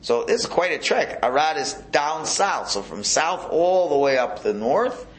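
A man's voice: fairly high pitch, animated, measured pace. A man teaching a Torah class as a rabbi, talking in a conversational way and asking the room rhetorical questions.

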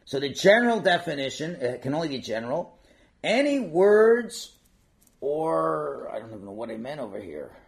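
A man's voice: fairly high pitch, normal speed, creaky. An older man teaching a casual religious class, digressing and acting out quotes with lots of feeling. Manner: animated, digressive, acts out quotes.

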